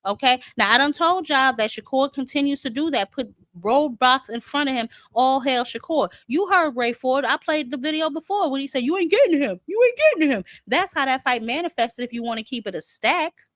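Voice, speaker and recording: A woman's voice: sits high, normal speed, few pauses, a bit bright, dry recording. A woman host, giving sassy, chatty boxing commentary full of fillers. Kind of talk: casual commentary.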